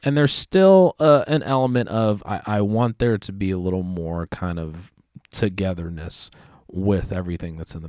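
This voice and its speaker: A man explaining music production in a relaxed, conversational tutorial, leaning often on "kinda" as he talks through his decisions. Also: sits low, no room sound, clean studio sound. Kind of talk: screen-recorded production tutorial.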